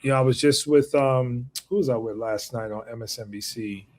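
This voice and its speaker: A man chatting casually as a guest, relaxed and easygoing, with lots of fillers. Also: mid-range voice, a little fast. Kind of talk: casual chat.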